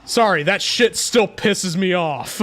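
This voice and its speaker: A young man streaming a game and ranting to chat, profane and quick to anger. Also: sits high, a bit bright. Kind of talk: casual gaming stream chat.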